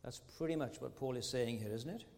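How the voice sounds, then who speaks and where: A man's voice: medium pitch, fairly quick, vocal fry, darkish tone. A man preaching a sermon as pastor, earnest and fond of rhetorical tag questions. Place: large church sanctuary. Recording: long church hall reverb.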